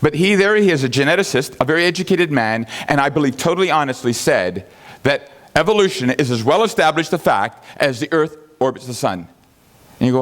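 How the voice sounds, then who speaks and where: A Bible teacher addresses his congregation in a lively, conversational style, with a slightly high voice and a fast pace. He poses rhetorical question after rhetorical question, laughs at his own asides, and raises his voice to act out the people he quotes.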